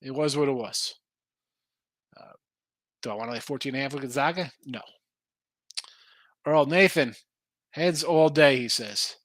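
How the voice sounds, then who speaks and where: Casual male betting-show host, bright forceful voice, dry close mic, rambling and animated. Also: medium pitch, normal speed, pauses often, dry recording. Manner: animated, rambling, thinks aloud over betting lines. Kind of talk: casual live-stream chat reading viewer picks.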